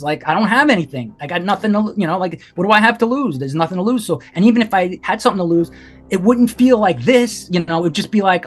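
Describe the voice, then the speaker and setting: A man's voice: high voice, animated, fast talker, soft background music. A man in his forties, a podcast guest, telling his own story in a candid, intense way, swearing often and filling his talk with "like.". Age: 40s. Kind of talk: emotional personal storytelling.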